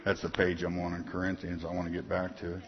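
A man's voice: sits low, completely flat delivery, quick pace, slight background noise. A man preaching an informal sermon, folksy and punchy, often asking the congregation if they are hearing him. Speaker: pastor. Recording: dull lo-fi sound, long hall reverb.

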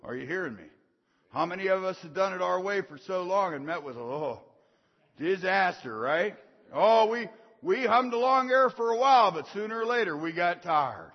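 Folksy preacher in an echoing hall. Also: male voice, high-pitched, animated, moderate pace. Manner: folksy, call-and-response preaching with rising shouted emphasis. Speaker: pastor. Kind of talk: sermon. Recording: dull sound with long reverb in a large hall.

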